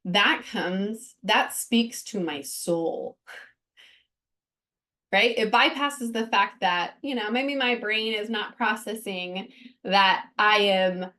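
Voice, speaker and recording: A woman's voice: medium pitch, slow, bright, forceful tone. Woman hosting a podcast, candid personal talk, lots of ums and restarts. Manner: earnest, open, with frequent fillers and restarts. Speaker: podcast host.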